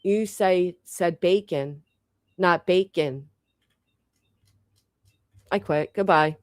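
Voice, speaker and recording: A woman's voice: fairly low pitch, extremely slow, dry recording, clean studio sound. A woman hosting a casual live chat with viewers, blunt and joking, swearing freely, with a local American accent that drops the final g. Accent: local regional American, drops final g. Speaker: livestream host.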